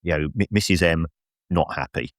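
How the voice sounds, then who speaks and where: A middle-aged man, a football finance expert guest on a podcast, telling an animated story with lots of restarts and self-mocking laughs. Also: very deep voice, moderate pace, no echo, clean studio sound. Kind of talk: casual podcast anecdote and analysis.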